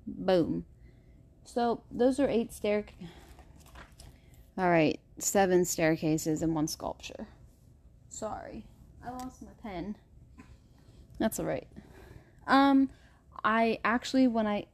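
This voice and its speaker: Woman podcast host, casual chat, chatty, mid-pitched voice. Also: lively intonation, slow, pauses often. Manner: chatty, stumbles over names, laughs easily.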